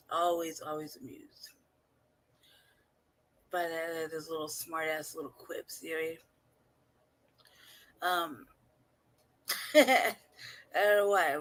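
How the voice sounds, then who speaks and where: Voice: mid-range voice, a bit bright. A channel host reacting to a clip in casual commentary, laughing often, swearing freely and rambling.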